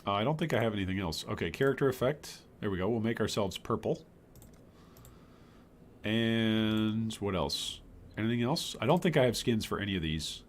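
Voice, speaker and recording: An older man from Michigan streams a game live and chats with viewers as he plays. His pitch swings widely through the talk. His bursts of excitement break up an easy, chatty delivery. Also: moderate pace, a little hiss or hum. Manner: chatty, reads chat aloud, bursts of excitement. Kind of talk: live gameplay commentary.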